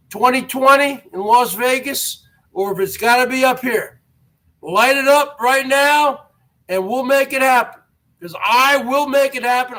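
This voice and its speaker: A man's voice: extremely high pitch, bright, forceful tone. Brash boastful male livestream host. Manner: brash, boastful, taunting viewers. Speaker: show host. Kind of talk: livestream talk.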